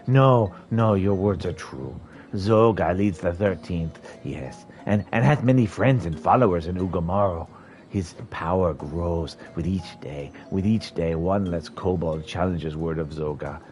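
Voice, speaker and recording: A man's voice: deep voice, measured pace, a little mellow, faint music behind. A man voicing a timid, fretful male kobold in a game, stammering and piling up anxious synonyms. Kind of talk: reading game dialogue aloud in character.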